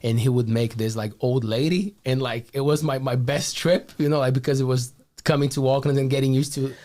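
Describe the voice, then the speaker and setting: A man with a Brazilian Portuguese accent, a guest chatting in a lively, rambling way and often restarting his words. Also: mid-range voice, fairly quick. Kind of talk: casual chat.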